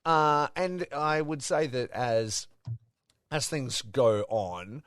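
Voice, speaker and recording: A man co-hosting a casual wrestling podcast, telling stories with excitement, swearing often and acting out what others said. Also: medium pitch, slow pace, no echo, studio quality. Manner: excitable storytelling, swears a lot, acts out quotes. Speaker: podcast co-host.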